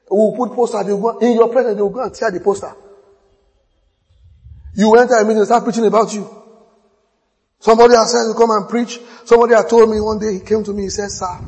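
A man preaching a sermon, telling stories with quoted dialogue and building to shouts. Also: high voice. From Nigeria. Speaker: pastor. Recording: long hall reverb.

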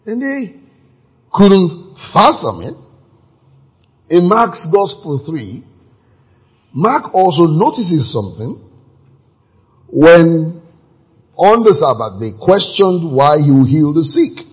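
A man preaching a sermon, animated and acting out scenes with sudden exclamations, his voice very husky. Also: fairly high pitch, takes it slowly, pauses often.

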